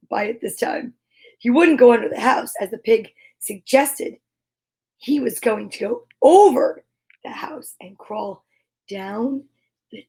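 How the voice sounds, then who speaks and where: A woman telling a fairy tale aloud in a slow, playful comic reading with little asides. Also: a little high, darkish tone. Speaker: storyteller. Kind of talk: comic storybook narration.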